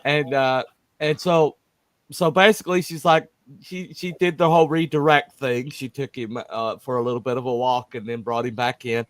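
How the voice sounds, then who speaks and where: A man's voice: mid-range voice, fairly even intonation, moderate pace, a bit bright, no room sound. A man chatting casually as a podcast co-host, telling rambling stories full of fillers and restarts. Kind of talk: casual chat.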